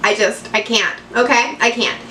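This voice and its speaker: Giggly high-voiced woman gushing. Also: fairly even intonation, moderate pace, pushed and bright, echoey room, distant mic, slight background noise. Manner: giggly, gushing, repeats phrases. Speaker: beauty vlogger. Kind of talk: excited unboxing chat. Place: home room in Florida.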